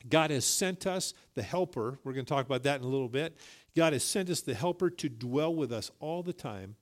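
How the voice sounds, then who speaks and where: A man's voice: mid-range voice, animated, brisk. A middle-aged male pastor preaching a sermon, telling a folksy story and rising emphatically on key points.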